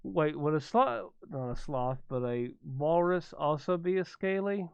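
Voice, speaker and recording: A man's voice: fairly high pitch, expressive, a little slow, creaky, a little mellow, clear, resonant tone, dry recording. Tinny-sounding man chatting casually. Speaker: react channel host. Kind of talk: casual reaction chat.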